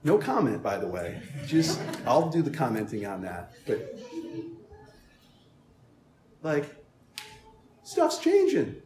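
A man preaching a sermon as pastor, emphatic and animated, with playful asides to the congregation. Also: medium pitch, slow, pauses often, reverberant, slight background noise.

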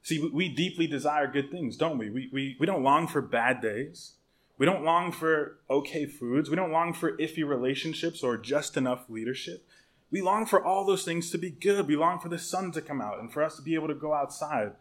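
A man preaching a sermon as pastor, telling stories in an animated, humorous way with conversational restarts and repeated words. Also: a little high, moderate pace.

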